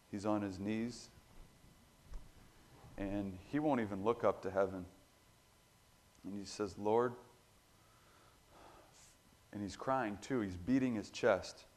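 A man preaching a sermon in an earnest, emphatic way, getting louder on his key points. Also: lowish voice, measured pace, pauses often. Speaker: pastor.

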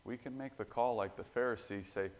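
A man preaching a sermon in an earnest, emphatic way, getting louder on his key points. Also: medium pitch, brisk. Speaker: pastor.

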